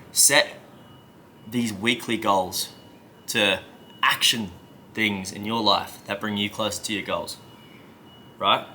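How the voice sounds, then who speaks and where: A man speaking as a self-help coach, with a very bright, sharp tone and a somewhat low pitch. He talks emphatically and conversationally, and often checks in with the listener. Faint room ambience sits behind him. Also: slight background noise. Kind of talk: motivational coaching talk.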